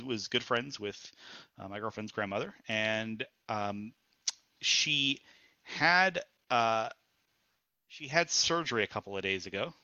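Man, low and very bright voice, dry close sound, halting casual talk. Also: no echo, lo-fi sound. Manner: hesitant, many fillers and repeats. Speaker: podcast co-host. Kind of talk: casual chat.

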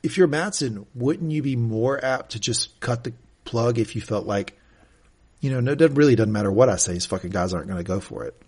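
Podcast co-host, male, husky voice, chatty recap that slips into quoted dialogue. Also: mid-range voice, brisk. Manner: animated, reenacts quotes. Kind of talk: casual recap chat.

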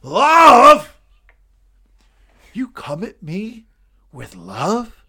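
A man putting on the voice of a ruthless older tycoon father, reading his lines in a loud, sneering, drawn-out way. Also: on the high side, sing-song, exaggerated voice. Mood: scornful.

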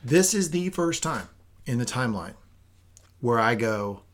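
A man co-hosting a casual review podcast, excitable and animated, swearing freely as he talks. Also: medium pitch, unhurried. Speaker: podcast co-host.

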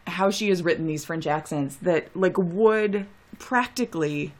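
A woman co-hosting a podcast in casual chat, chatty and quick to laugh. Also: fairly low pitch. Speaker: podcast co-host.

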